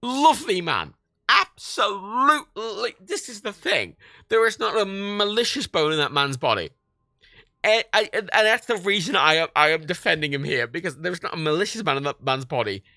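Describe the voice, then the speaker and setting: A man's voice: high voice, moderate pace, vocal fry, no room sound, clean studio sound. A man in his late twenties, hosting a livestream, telling stories in casual chat with lots of swearing and laughter. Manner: animated storytelling, swears a lot, laughs often. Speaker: livestream host.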